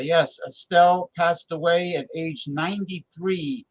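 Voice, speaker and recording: A man's voice: fairly high pitch, moderate pace, low-quality recording. A man from New Jersey hosting a casual talk show, rambling and stalling on many fillers as he hunts for words. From New Jersey, USA. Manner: rambling, full of hesitant fillers. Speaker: host.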